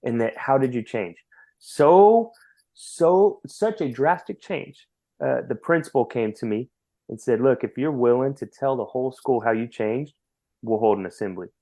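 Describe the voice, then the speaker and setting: Male guest with a mid-range voice, earnest and animated storyteller, repeats himself. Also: medium pitch, normal speed. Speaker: podcast guest. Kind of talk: personal testimony storytelling.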